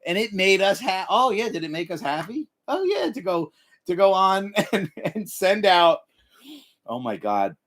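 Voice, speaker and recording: A middle-aged man hosting a livestream, giving profane, animated life advice and breaking into yelled impressions. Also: high-pitched, measured pace, a little hiss or hum. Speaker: livestream host. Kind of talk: profane motivational rant.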